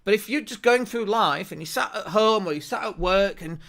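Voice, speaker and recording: A man hosting a marketing podcast, talking straight to camera in an energetic, persuasive way. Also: high voice, brisk. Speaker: podcast host, marketing agency owner. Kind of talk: direct-to-camera marketing talk. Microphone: camera at desk.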